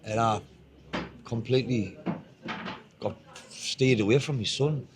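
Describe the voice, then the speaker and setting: A man's voice: medium pitch, measured pace, noisy background. A man with a Northeast English accent telling his life story in casual chat, blunt, swearing a lot and often repeating himself. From Northeast England. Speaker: guest.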